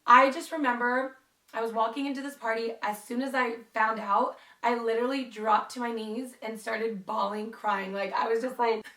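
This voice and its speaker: Brief: young woman vlogger, storytime chat, high-ish voice, a bit off-mic in a roomy space. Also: normal speed, distant mic. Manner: chatty, animated, lots of "like". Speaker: YouTuber telling a story. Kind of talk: casual storytime vlog.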